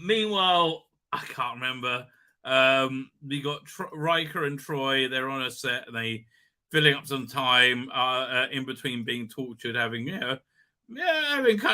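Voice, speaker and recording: A man's voice: medium pitch, pushed and bright. A man hosting a casual live recap stream, rambling with lots of fillers and cheerful swearing.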